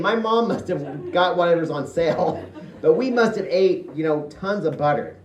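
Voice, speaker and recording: A man from Indiana performing a one-man show, telling funny childhood stories in a chatty, animated way. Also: on the high side, a little slow. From Indiana, USA. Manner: chatty, animated, with self-amused laughs. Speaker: solo stage performer. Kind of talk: comic storytelling monologue. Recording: echoey hall, distant mic.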